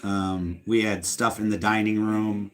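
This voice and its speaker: A man's voice: lowish voice, flat delivery, measured pace. A man co-hosting a casual livestream and chatting easily about their collection. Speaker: co-host.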